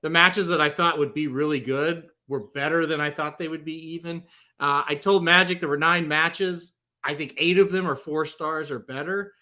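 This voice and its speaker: Young guy hosting a podcast, bright punchy voice, eager and chatty with lots of ums. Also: fairly high pitch, fairly even intonation, normal speed. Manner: chatty, enthusiastic recap with frequent ums and laughs. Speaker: podcast host. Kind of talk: casual podcast chat.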